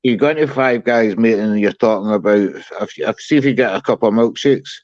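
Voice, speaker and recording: A man chatting casually on a livestream, relaxed, repeating words and swearing now and then. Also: fairly low pitch, fairly quick, no echo. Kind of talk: casual chat. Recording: dry muffled lo-fi sound.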